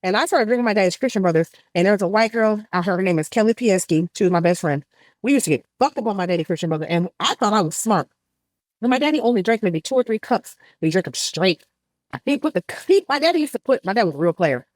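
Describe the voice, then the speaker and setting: A woman in her forties talks quickly as a guest on a casual podcast, telling blunt, slangy stories. The recording is dry and close, with no room sound. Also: medium pitch, lively intonation, dry recording.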